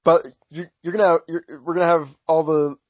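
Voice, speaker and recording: A man's voice: on the high side, little pitch movement, a little fast, dry recording. A man co-hosting a podcast, arguing his view earnestly and carefully, often restarting his sentences. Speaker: podcast co-host. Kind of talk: casual podcast chat. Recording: dry, dull lo-fi audio.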